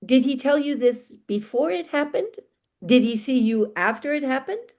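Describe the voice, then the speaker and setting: Woman doing a sharp-tongued village wife. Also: sits high, animated, moderate pace, voice pushed up. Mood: skeptical.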